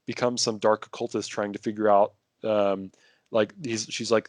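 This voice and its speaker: A man's voice: fairly low pitch, flat delivery, moderate pace, no echo. A man talking casually as a podcast guest, rambling with many restarts and fillers. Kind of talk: casual conversation.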